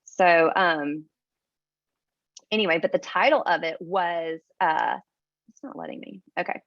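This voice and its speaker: A woman's voice: on the low side, unhurried, no echo, dull audio. A woman sharing her personal story on a video call in a casual, chatty way, with lots of "like" and "um.". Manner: chatty, full of "like" and "um".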